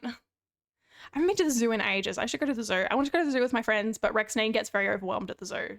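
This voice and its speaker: Creaky-voiced woman streaming games. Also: on the high side, rapid-fire, a bit bright. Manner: chatty, swears freely, laughs often. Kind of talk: casual live-stream chat while gaming.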